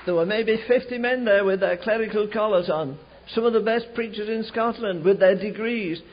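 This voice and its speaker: Older male preacher, high husky voice, fervent storytelling with shouted peaks, lo-fi archive sound. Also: moderate pace, slight background noise. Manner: fervent, builds to shouting climaxes. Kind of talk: storytelling sermon. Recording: dull lo-fi archive recording.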